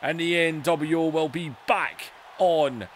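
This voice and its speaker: A man's voice: on the high side, slow, a little hiss or hum. A man voicing a blustering veteran male wrestler cutting a bossy, insulting promo over a video game. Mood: gloating. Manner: bossy, insulting trash talk.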